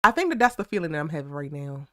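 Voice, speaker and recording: Animated woman hosting a live chat. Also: deep voice, rapid-fire, no room sound, clean studio sound. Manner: animated, slangy, talks straight to her chat. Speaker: YouTube live aftershow host. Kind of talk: casual live-stream chat.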